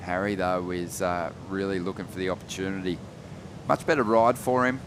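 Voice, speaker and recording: A man calling a surf contest live, relaxed, rising in energy on big turns. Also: deep voice, fairly quick, background noise. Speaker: surf commentator. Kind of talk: live sports commentary.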